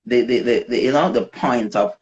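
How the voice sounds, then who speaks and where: A woman with a Jamaican accent, a dancehall artist telling her story in a casual interview, animated and slipping into patois. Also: rumbling low, normal speed. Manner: animated, switches into patois, acts out quoted voices. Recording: dull lo-fi recording.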